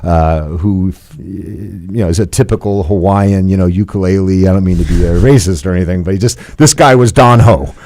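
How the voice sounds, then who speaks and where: A man in his fifties telling a personal story as a podcast guest, playful and animated, laughing often. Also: low-pitched, normal speed, hardly any pauses, no echo, clean studio sound. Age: 50s.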